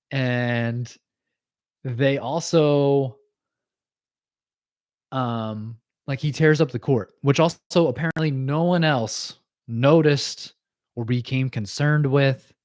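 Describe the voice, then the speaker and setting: A man's voice: medium pitch, darkish tone, no room sound, clean studio sound. A man hosting a casual livestream chat, recapping cartoon episodes in a loose, chatty way with frequent laughs and fillers. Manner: chatty, laughs often, many fillers and quick asides. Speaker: podcast host.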